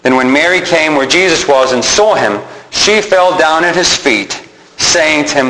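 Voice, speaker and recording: A man's voice: on the high side, expressive, normal speed, sharp tone. A man preaching a sermon, reading scripture aloud and acting out the mourners' words. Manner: reads scripture aloud and acts out the mourners' lines. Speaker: pastor. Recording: echoey room with faint noise.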